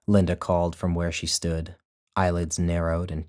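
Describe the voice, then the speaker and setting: A man narrating his own short story in a measured, deliberate storytelling manner. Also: sits low, monotone, a little mellow. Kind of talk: scripted narration.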